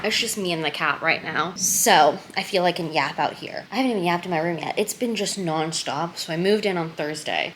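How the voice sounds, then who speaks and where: A woman's voice: on the low side, fairly bright tone, slight background noise. Chatty emotional young woman vlogger. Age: 20s. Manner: chatty, emotional, rambling with many likes. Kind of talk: casual vlog chat.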